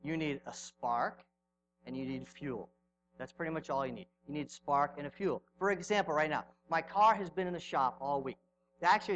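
A middle-aged male pastor preaching a sermon, telling stories with sudden swings from loud to hushed. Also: sits high, a little hiss or hum, low-quality recording.

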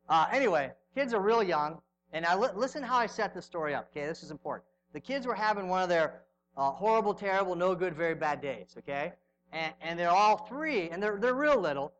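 A middle-aged male pastor preaching a sermon, telling stories with sudden swings from loud to hushed. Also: a little high, muffled recording, slight background noise.

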